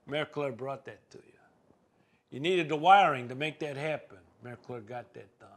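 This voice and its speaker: A man hosting a local cable talk show, rambling through community sports talk with frequent fillers. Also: on the high side.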